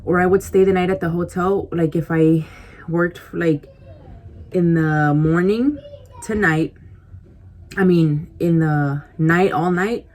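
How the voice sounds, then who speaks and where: Slow and lowish, a woman with a darkish tone and fairly even intonation rambles through a casual story to her camera, peppering it with "like" and "you know." She snacks as she talks, confiding directly in her viewers, picked up by a compact camera mic.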